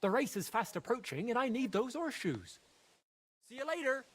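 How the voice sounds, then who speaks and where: Game role: an eager medieval guildsman, persuasive, with a lively, animated delivery. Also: extremely high pitch, normal speed, slight background noise, heavily acted. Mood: coaxing. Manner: persuasive, coaxing. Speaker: video game character.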